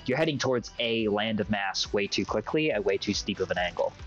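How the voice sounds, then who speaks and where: A man's voice: fairly low pitch, lively intonation, brisk, a bit bright. A young man narrating a tabletop game as game master, rambling and full of fillers. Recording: dull lo-fi voice chat with faint music.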